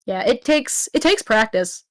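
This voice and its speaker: A woman's voice: on the high side, animated, a little slow. A woman game master running a tabletop horror game over a voice call, chatty and laughing easily.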